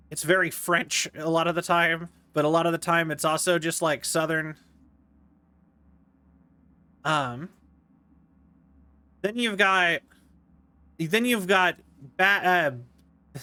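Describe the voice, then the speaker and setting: Chatty, bright-voiced American streamer. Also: male voice, sits high, clean tone. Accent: General American. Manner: rambling, chatty, full of fillers and restarts. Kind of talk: casual live-stream chat. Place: home, indoors.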